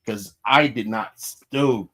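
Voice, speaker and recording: A man's voice: on the low side, slow pace, a bit bright. Candid, profane man hosting a podcast. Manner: candid, profane, self-reflective. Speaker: podcast host. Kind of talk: casual podcast chat.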